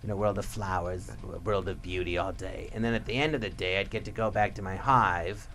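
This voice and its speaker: A man, a comedian guest in a radio studio, telling stories in an animated way and acting out the people he quotes. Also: low-pitched, brisk. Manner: animated, laughing storyteller who acts out quotes. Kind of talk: radio interview storytelling.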